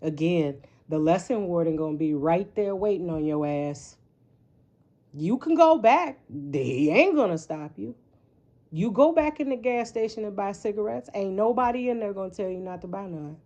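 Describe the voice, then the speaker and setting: A woman reads tarot casually at a moderate pace, her medium-pitched voice dark in tone yet expressive. She wanders from point to point, speaks bluntly, curses freely and often asks "right?". The audio is dull.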